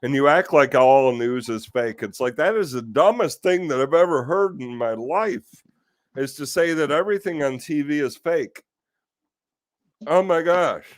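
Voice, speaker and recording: A man's voice: a little high, unhurried, dry recording. A man hosting a casual talk stream, ranting in exasperation with rhetorical questions and the odd curse. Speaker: host of a live talk stream.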